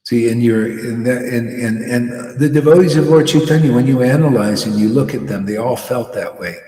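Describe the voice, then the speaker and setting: A man's voice: medium pitch, normal speed, warm tone. Guy teaching a devotional talk, earnest and repetitive, roomy echo all around. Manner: earnest, repeats words, preaching. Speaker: spiritual teacher. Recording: echoey hall, from far off.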